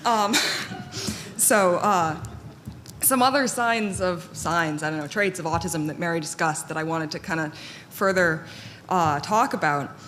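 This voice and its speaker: Woman, conference panel talk, candid and self-deprecating, lowish pitch, long hall reverb, faint room noise. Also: unhurried, a bit bright. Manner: candid, self-deprecating, with frequent fillers and restarts. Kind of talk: personal talk to an audience.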